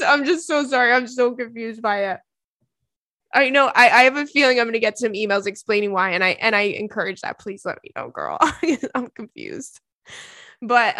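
Young female podcast host, expressive and chatty, slightly high voice. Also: no echo, clean studio sound. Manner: chatty, ranting, laughs often. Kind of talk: casual chat.

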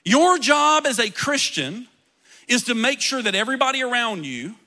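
A male pastor preaching a sermon with dramatic storytelling, often rising into shouts. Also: very high voice, big pitch swings, moderate pace. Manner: impassioned, often breaking into shouts.

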